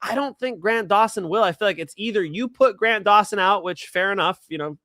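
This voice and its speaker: Slangy, cursing man, slightly high voice. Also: a little fast, sharp tone, no echo, clean studio sound. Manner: slangy and profane, says bro and dog a lot. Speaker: co-host of a fight betting show. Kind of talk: casual podcast chat, fight predictions.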